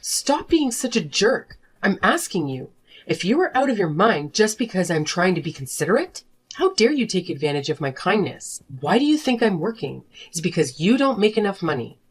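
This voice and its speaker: A woman voicing a furious wife and mother who confronts her selfish husband in an animated drama. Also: mid-range voice, normal speed, breathy edge. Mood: confrontational. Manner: sharp, accusing, confrontational. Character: fed-up wife and mother demanding divorce. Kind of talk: animated story voice acting.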